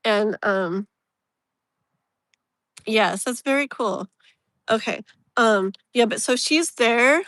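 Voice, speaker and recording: A woman with a bright, forward voice that sits a little high. She hosts a live tarot reading in a loose, rambling way, full of fillers and open feeling. The sound is dry and close. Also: takes it slowly, long pauses, no room sound. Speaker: tarot reader, live stream host.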